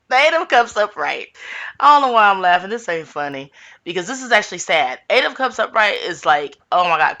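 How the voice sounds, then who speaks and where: Lady doing a tarot read, bright voice, talks to y'all, real chatty. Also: lowish voice. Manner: animated, chatty, addresses viewers as y'all and honey child. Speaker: tarot reader. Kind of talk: casual tarot reading commentary.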